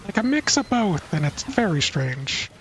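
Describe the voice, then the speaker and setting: A man's voice: high voice, very animated, moderate pace, fairly bright tone, low-quality recording. A man from the northwest United States chatting casually while gaming, thoughtful and trailing off with fillers. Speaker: gamer on voice chat.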